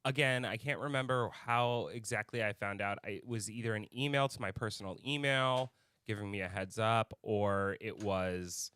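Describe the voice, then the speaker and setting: A man's voice: lowish voice, fairly even intonation, moderate pace, fairly bright tone, clean tone. A man co-hosting a podcast in casual chat, telling a story with heated anger and frequent swearing. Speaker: podcast co-host.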